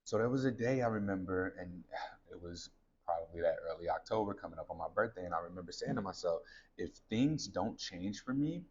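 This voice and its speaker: A man's voice: deep voice, quick pace, a little mellow, lo-fi sound, a little hiss or hum. A man in his thirties, a podcast host, candidly telling a personal story to his listeners in a conversational way. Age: 30s.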